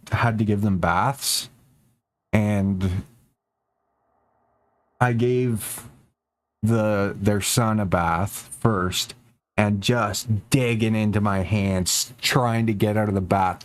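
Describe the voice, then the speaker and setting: Young man, game streamer, slightly low voice, rambling casual chat, swears often. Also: fairly even intonation, slow. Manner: rambling, profane, talks to his cats in a high baby voice.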